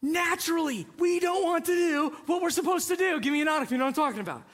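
High, bright-voiced storytelling pastor. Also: male voice, fast. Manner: animated storytelling, acts out voices. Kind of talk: sermon.

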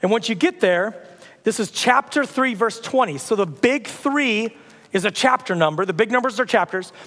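A high-voiced man preaching to his congregation in a relaxed, storytelling manner, slipping in jokes along the way. His voice carries a long reverb through the church hall. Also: normal speed. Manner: casual conversational storytelling with humor. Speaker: pastor. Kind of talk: sermon. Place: church auditorium.

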